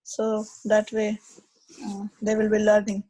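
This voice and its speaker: A woman's voice: medium pitch, completely flat delivery, measured pace, warm tone, rough recording. A woman moderating an online class, politely calling on students and keeping things organized. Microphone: video call.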